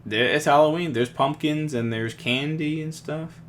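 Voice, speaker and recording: A man's voice: a little high, moderate pace. A young man co-hosting a podcast in casual chat, rambling with restarts and frequent laughs. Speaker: podcast co-host.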